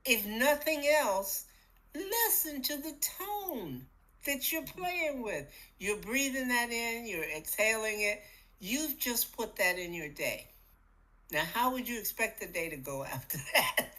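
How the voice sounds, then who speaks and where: A middle-aged woman co-hosting a podcast, talking casually about spiritual matters in an animated, playful way that acts out little voices. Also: a little high, takes it slowly, rough recording. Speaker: podcast co-host.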